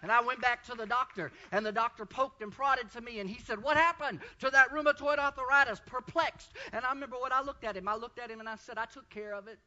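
A male preacher delivering a fervent sermon, often breaking into shouts of praise. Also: very high-pitched, fairly even intonation, fast talker, few pauses, lo-fi sound. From Texas.

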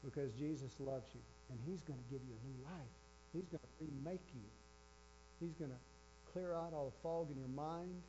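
A man's voice: on the high side, normal speed. A man preaching a sermon with emphasis, repeating his key phrases. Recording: dull lo-fi with faint electrical hum.

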